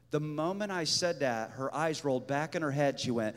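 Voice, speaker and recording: A man preaching, telling a testimony story with animated energy and acting out the voices of the people in it. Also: fairly high pitch, moderate pace, hardly any pauses. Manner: animated storyteller, acts out voices, shouts to the crowd. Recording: echoey hall with long reverb.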